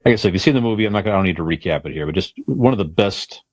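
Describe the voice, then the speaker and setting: A middle-aged man co-hosting a podcast in a rambling, halting way, full of restarts. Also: low voice, animated, no room sound. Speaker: podcast co-host. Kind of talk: casual podcast chat.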